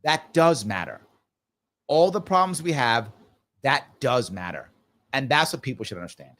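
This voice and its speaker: A man's voice: mid-range voice, normal speed. A middle-aged man hosting a live political discussion, talking emphatically and hammering his points home through repetition. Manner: emphatic and animated, repeats points. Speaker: host.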